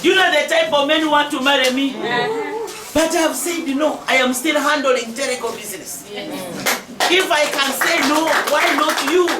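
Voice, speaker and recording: Emphatic high-voiced Ugandan woman orator. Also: moderate pace. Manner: emphatic, exhorting, often raising her voice with laughter. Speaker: member of parliament. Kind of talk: public speech to a crowd. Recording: echoey, distant mic with noise.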